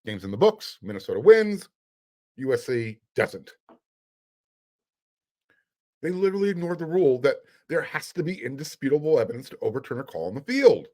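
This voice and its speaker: A middle-aged man hosts a sports podcast with a mid-range voice, neither high nor low. He hammers his points home with emphasis and dry sarcasm, sounding fired up about the topic. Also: sing-song, fast talker, mellow. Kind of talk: casual sports commentary podcast.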